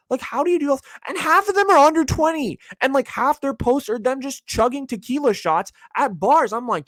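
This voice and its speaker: Animated young man ranting on his podcast. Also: brisk, hardly any pauses, no room sound. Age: young adult. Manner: animated, swearing, slangy, jumps into mocking high-pitched voices. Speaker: podcast host. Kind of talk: casual solo rant.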